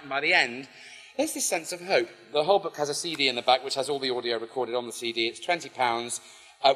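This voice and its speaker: A man telling a story to a live audience in an animated way, acting out the voices of the people in it. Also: medium pitch. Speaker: poet and speaker. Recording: long hall reverb, faint music.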